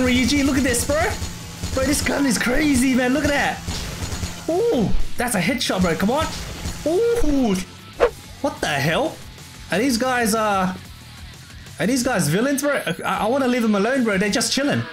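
A man's voice: very high-pitched, lively intonation, normal speed. A man giving easygoing let's play commentary, laughing often and calling everyone bro. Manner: laid-back, calls everyone bro, laughs a lot. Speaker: gamer. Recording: game music behind. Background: game music.

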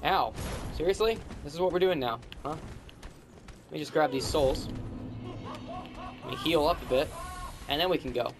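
Sarcastic gamer guy, slightly high voice. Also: moderate pace, long pauses, noisy background. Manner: grumbling, sarcastic trash talk at enemies. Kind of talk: casual gameplay commentary.

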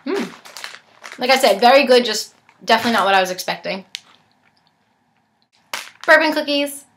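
A young woman with a bright, fairly high voice chats through a casual snack unboxing review. She tastes each treat as she goes, sometimes talking with her mouth full. A faint hiss sits under the recording. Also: expressive, normal speed. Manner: chatty, talks while chewing.

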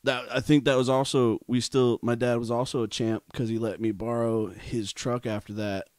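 A young man spins a story in easy podcast chat, with a mid-pitched voice. He jumps into acted-out quotes and laughs as he goes. The sound is dry and close. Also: normal speed, no echo. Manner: animated storyteller, acts out quotes, laughs often. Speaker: podcast co-host.

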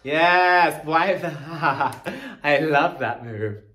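A professional dancer commenting on a dance video for viewers, chatty and admiring, breaking into loud delighted exclamations. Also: mid-range voice, expressive, extremely slow, faint music behind.

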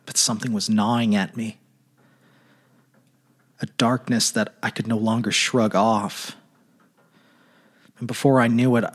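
A man giving a dramatic reading of a troubled teenage boy's letters, in a quiet, earnest, halting way. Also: fairly low pitch. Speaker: narrator.

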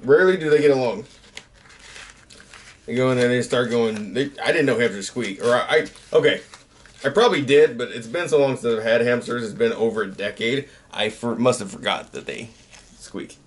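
A man's voice: medium pitch, a little fast. Rambling man in his thirties, easygoing. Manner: rambling, self-mocking, trails off. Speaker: YouTuber. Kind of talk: casual late-night chat.

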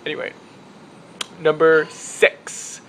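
A young man with a Chicago accent talks casually in his apartment, rambling and a bit self-deprecating. His voice sits fairly high and sounds bright and forward. A faint hum runs underneath. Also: monotone, takes it slowly. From Chicago area, US. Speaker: vlogger. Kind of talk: casual accent-tag vlog. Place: apartment room with window open.

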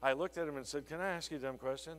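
A man giving a conference keynote on sales, telling an animated story that acts out a conversation with a client. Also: on the high side, very fast, long reverb tail. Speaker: sales trainer. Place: conference hall.

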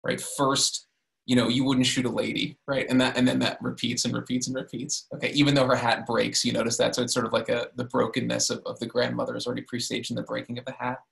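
Creaky-voiced man leading a seminar. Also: medium pitch, monotone, fast talker, fairly bright tone. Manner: frequent "right?" tag questions and restarts. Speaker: discussion leader. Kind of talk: literature seminar discussion.

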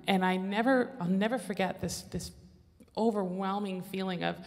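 Lowish woman, kinda gravelly, rambling and candid, big echoey church hall. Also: steady tone, moderate pace. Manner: candid and rambling, with self-correcting restarts. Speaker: panelist mother. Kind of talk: personal testimony on a church panel.

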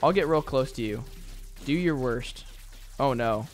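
Speaking a little slowly in a mid-range voice, a man streams a video game and offers casual, running let's-play commentary. Exasperation and jokes at his own expense come up often.

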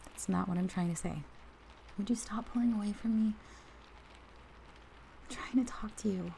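Whispered role-play: woman playing a protective best friend, warm fry-edged voice, faint hiss. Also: mid-range voice, moderate pace, close to an everyday voice, poor audio. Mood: gentle, comforting. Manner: heated then tender, talks straight to the listener. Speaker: ASMR role-play performer.

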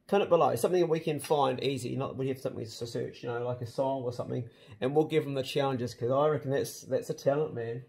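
Middle-aged kiwi bloke chatting away, husky mellow voice, swears a lot, pretty hyped. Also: male voice, medium pitch, fast talker. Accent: New Zealand. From New Zealand. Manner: excitable, swears casually, says "man" and "bro". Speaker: channel host. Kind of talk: casual vlog chat.

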